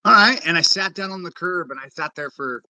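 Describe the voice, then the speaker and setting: A man in casual conversation, an animated storyteller who acts out the people in his stories. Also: on the high side, fairly quick, no room sound, poor audio.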